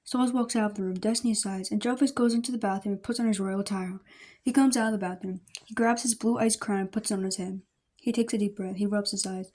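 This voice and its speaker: A woman's voice: medium pitch, fairly even intonation, fast talker, a little mellow. A woman reading her fan fiction aloud in a plain, unpolished way with small slips. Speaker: story reader.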